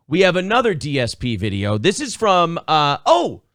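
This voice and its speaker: A man's voice: fairly high pitch, huge pitch swings, unhurried, dry recording, clean studio sound. A male host on a live-streamed talk show, chatting sarcastically and profanely and reading donations. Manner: profane, sarcastic, loud outbursts.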